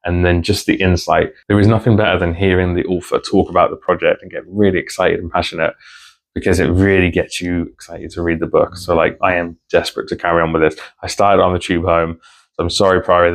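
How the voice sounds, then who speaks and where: Low, flat-voiced man chatting. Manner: rambling, heartfelt. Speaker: book vlogger. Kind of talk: casual chat to camera.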